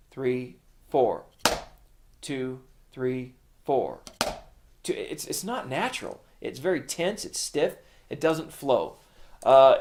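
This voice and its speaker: A man's voice: fairly high pitch, a little mellow. A middle-aged man teaching a drum lesson, explaining patiently in plain words and counting beats aloud. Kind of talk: instructional video lesson.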